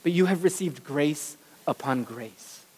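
A pastor delivers a sermon in a middle-pitched voice, animated and expressive, briefly taking on the voices of the people he describes. The sound carries a long reverb, like a big church sanctuary. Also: measured pace, breathy edge. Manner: animated preaching, acting out quoted voices.

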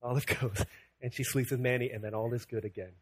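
A man's voice: mid-range voice, steady tone, fast talker, breathy edge, no room sound. A young man preaching a sermon, telling a family story and acting out the voices of the people in it, repeating phrases for emphasis. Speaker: pastor.

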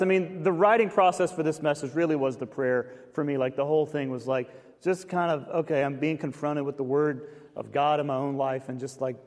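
A man preaching a sermon as pastor, talking in a loose, conversational way with many fillers and lively swings. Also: medium pitch. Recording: long reverb of a large hall.

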